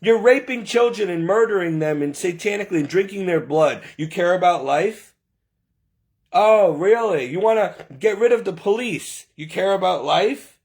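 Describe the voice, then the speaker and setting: A man's voice: high voice, expressive, normal speed, darkish tone. A man delivering an impassioned, preachy monologue, indignant and full of rhetorical questions.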